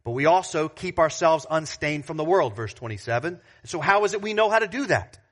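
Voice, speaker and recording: A man's voice: on the high side, animated, brisk, a bit bright. A man pastor preaching a sermon in a church, earnest and full of rhetorical questions.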